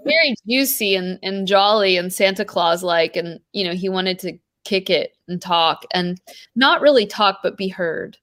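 A woman's voice: medium pitch, lively intonation, measured pace, a bit bright. A woman talking about spiritual practice in an earnest, rambling way, full of "like" and "you know". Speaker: podcast guest. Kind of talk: spiritual conversation.

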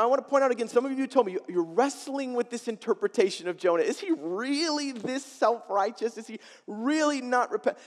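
Male pastor preaching, kinda high voice, gets loud then goes quiet, big echoey church hall. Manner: expressive, swings between loud emphasis and quiet asides. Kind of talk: sermon. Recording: long reverb of a large hall.

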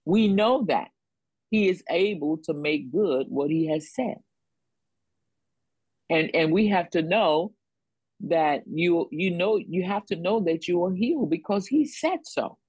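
A woman's voice: fairly low pitch, animated, a little slow, darkish tone, husky, no room sound, low-quality recording. A woman preaching a sermon on faith and healing, repeating phrases for emphasis in a call-and-response rhythm.

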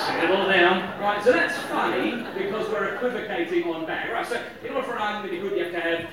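A man giving a joking, lively talk on logic to a live audience, often chuckling at his own jokes. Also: high voice, fast, hardly any pauses, crowd noise. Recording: echoey hall, distant mic.

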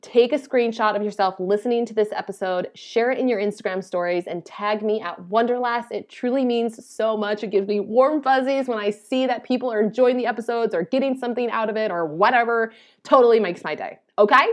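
A woman's voice: fairly high pitch, brisk, hardly any pauses, darkish tone. A woman hosting her own podcast in a casual, chatty, upbeat way, tired after little sleep and laughing at herself. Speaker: podcast host. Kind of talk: casual solo podcast talk.

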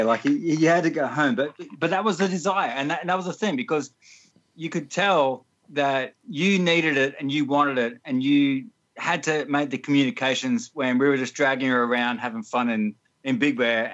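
A man's voice: a little high, fairly bright tone, muffled recording. A man who is a guest on a podcast, chatting casually and rambling, with frequent chuckles and fillers. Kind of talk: casual chat. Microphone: phone.

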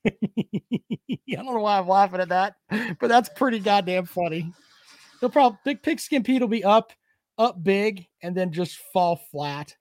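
A man's voice: high voice, lively intonation, measured pace, pauses often, no room sound, clean studio sound. A man hosting a casual sports chat show, reading viewer comments and joking with profanity and trash talk.

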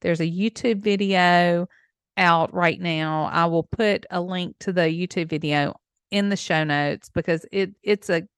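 A woman's voice: on the low side, steady tone, a little slow, clean tone, no echo, studio quality. A woman hosting a solo podcast, talking in an effusive, emotional way with small laughs. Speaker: podcast host.

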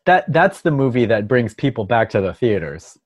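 A man's voice: mid-range voice, sing-song, moderate pace, no echo, lo-fi sound. A man in a casual comedic chat, enthusiastic and laughing a lot.

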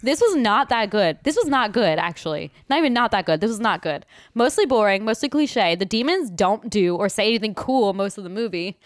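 Young female podcast co-host, casual and blunt, sarcastic takedowns, smooth voice, dry recording. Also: medium pitch, expressive, brisk, few pauses, no room sound. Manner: blunt, sarcastic movie reviewing, laughs often. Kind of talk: casual chat.

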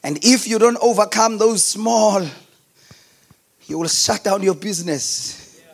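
A man preaching a sermon in an impassioned, sing-song cadence, swinging between shouts and hushed tones. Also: high-pitched, measured pace, creaky.

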